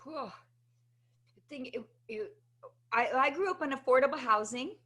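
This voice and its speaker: A woman guest in an interview, telling a personal story with animated energy and often checking in with "right?". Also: high voice, a little slow. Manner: animated, tags many sentences with "right?". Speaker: interview guest, motivational speaker.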